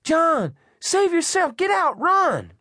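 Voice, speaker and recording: A man voicing a terrified elderly woman trapped in a fire, calling out in a high, strained voice. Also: big pitch swings, takes it slowly, sharp tone, no room sound, clean studio sound, full character voice.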